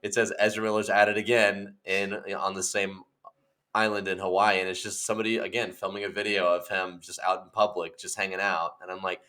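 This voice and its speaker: Young male co-host, low pitch, bright lively delivery, jokey storyteller. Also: a little fast. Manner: animated, acts out scenes in put-on voices. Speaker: podcast co-host. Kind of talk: casual comedic chat.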